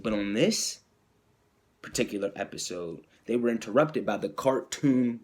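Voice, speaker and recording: With a husky, slightly mellow voice at normal speed, a man hosts a podcast recapping wrestling. He's casual and excited, using lots of fillers and restarts, and raises his voice higher to act out quotes.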